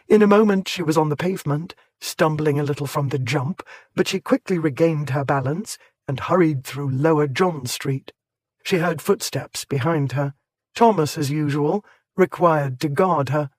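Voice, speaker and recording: A man narrating an audiobook in a measured, clear way. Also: on the high side, no room sound. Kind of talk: scripted narration.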